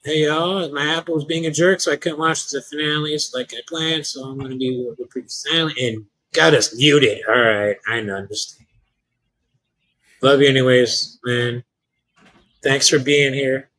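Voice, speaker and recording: A man's voice: medium pitch, steady tone, moderate pace, pushed and bright, no room sound, rough recording. A man co-hosting a live stream, talking casually with frequent restarts and hesitations. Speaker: podcast co-host.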